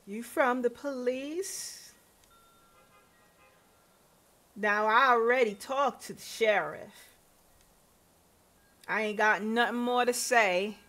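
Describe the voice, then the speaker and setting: A woman voicing a down-to-earth Southern farm wife in her late thirties, reading her lines in a measured, plain way with a Southern accent. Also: on the high side, a bit bright. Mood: guarded.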